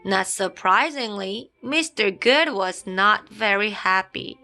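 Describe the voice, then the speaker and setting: Animated woman reading a children's story. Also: mid-range voice, takes it slowly. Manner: dramatic, with playful sound effects. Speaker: storybook reader. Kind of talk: expressive children's story read-aloud. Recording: faint background music.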